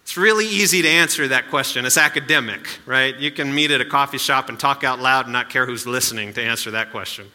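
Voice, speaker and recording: A man's voice: medium pitch, quick pace, few pauses, sharp tone, big-room sound. A male pastor giving a sermon in a conversational way, with asides and rhetorical questions.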